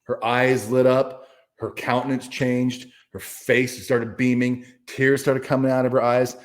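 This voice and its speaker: A man appearing as an interview guest, who is also an author, tells a personal story in a casual, profane, emphatic way, restarting often. His voice is mid-range, his delivery flat, and he doesn't hurry.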